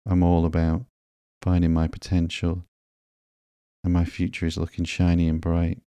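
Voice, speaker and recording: Comic-book antiheroine, voiced by a man, blunt and teasing, delivered slow and sleepy in a dark, dry tone. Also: low voice, monotone, clear, resonant tone, no echo. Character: blunt joking adult woman antihero.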